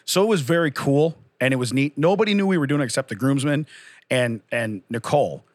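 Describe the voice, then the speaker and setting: A man's voice: medium pitch, a little fast, dry recording. A man in his forties telling long, rambling stories and laughing often as a podcast host in casual chat.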